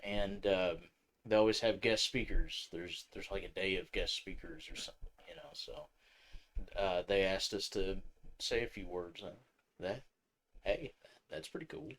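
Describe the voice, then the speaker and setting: A man's voice: low-pitched, measured pace, fairly bright tone. A man co-hosting a casual live stream, laid-back, laughing often and swearing casually.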